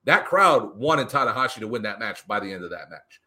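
A man casually recapping a wrestling show on a podcast, animated and profane, acting out what the wrestlers said. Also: fairly low pitch, a little fast. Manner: animated, profane, acts out quotes. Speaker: podcast co-host.

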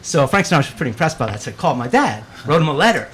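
A man telling stories as a guest in casual, profane, animated chat. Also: a little high, racing, a little hiss or hum.

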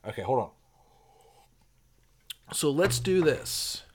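A man hosting a show, chatting casually and reacting with excited laughs and swearing as he types prompts. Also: fairly high pitch, slow pace. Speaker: podcast host. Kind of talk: casual commentary while typing prompts.

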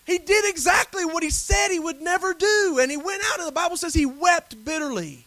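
A man preaching a sermon earnestly, building at times to forceful emphasis. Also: very high voice, brisk, no echo. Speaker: pastor.

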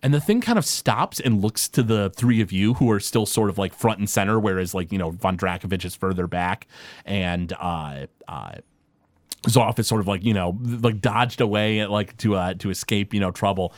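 A man's voice: on the low side, moderate pace, dry recording. A man narrating a tabletop game as the game master, who rambles and uses many fillers.

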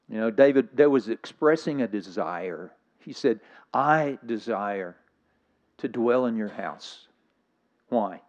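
A man's voice: fairly low pitch, a little mellow, highs cut off. An older man preaching a sermon in a reflective, slightly weepy manner. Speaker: guest preacher.

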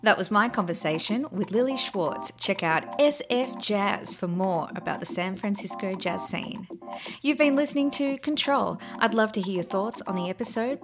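Woman, podcast host; polite, upbeat outro read with music bed. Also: mid-range voice. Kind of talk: interview and scripted outro. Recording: music playing behind.

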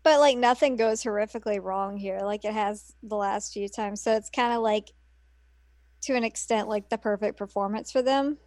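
A woman co-hosting a podcast, chiming in with quick agreement in casual chat. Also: medium pitch, a little mellow, no echo. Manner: brief agreeing interjections. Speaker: podcast co-host.

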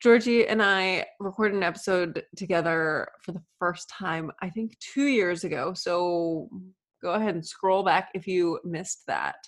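A woman's voice: fairly low pitch, unhurried. A woman hosting a podcast, speaking from her home over a remote call in an enthusiastic, affectionate way. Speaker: podcast host. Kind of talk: warm, effusive podcast chat. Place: home in Florida. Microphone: remote call recording.

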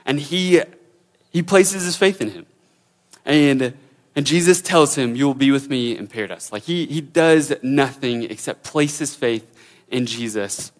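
A man's voice: mid-range voice, measured pace. A man preaching a sermon as a pastor, earnest and searching for words, often repeating himself.

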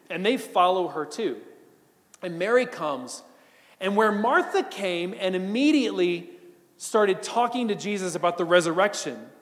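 A man preaching a sermon as a pastor, swinging from emphatic bursts to hushed, almost whispered moments. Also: sits high, long reverb tail.

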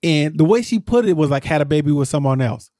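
A man co-hosts a casual recap with a slightly raised voice, rambling and circling back on himself. When something exasperates him, his pitch shoots up. The sound is dry and close to the mic. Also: expressive, fast, warm tone, no echo. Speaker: podcast co-host.

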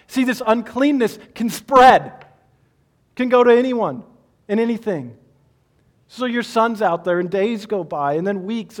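A man preaching a sermon, retelling a story with acted-out quoted voices and shifts between loud calls and quiet, slow emphasis. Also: high-pitched. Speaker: pastor.

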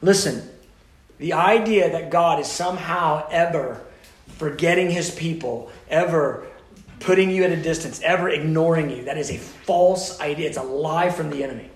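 A man preaching a teaching sermon, his fairly high voice rising into urgent, loud pleas and then dropping to near-whispered intimacy. The passion runs through every phrase. His voice carries with a noticeable room echo. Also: normal speed. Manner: passionate, swings from loud urgent pleading to hushed intimate tones.

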